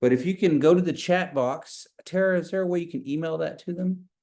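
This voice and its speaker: A man's voice: on the high side, warm tone. Man teaching a language over video call. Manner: patient, repeats phrases slowly. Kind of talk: online language class. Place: office.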